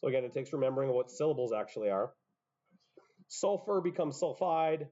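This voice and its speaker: Warm and brisk, his medium-pitched voice has lively intonation as he delivers a high school chemistry lecture. The recording is muffled; he explains things step by step, pausing for self-interrupting asides.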